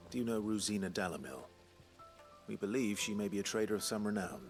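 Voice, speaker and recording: A man voicing a deep, refined game companion. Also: soft background music, close to an everyday voice. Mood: measured. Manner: measured, refined. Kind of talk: video game voice acting.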